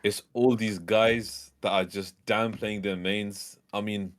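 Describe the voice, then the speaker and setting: Blunt, low-voiced male podcast guest. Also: slow pace. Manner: blunt, frank, animated opinions. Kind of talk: casual podcast chat.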